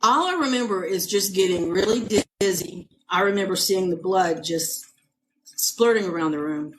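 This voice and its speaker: A middle-aged woman from California, medium-pitched, appears as a podcast guest sharing a personal testimony. Her speech comes in halting, emotional bursts, full of repeated words and restarts.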